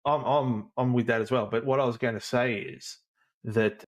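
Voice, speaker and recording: A man's voice: mid-range voice, fairly even intonation, normal speed, a little hiss or hum. A man co-hosting a podcast in casual chat, easygoing and explaining at length. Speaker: podcast co-host.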